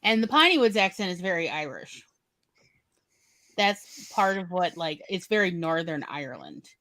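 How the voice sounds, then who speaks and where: A woman's voice: lowish voice, very animated, normal speed, fairly bright tone, no echo. A woman co-hosting a podcast, chatting casually in a joking, mock-indignant way. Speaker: podcast co-host. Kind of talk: casual chat.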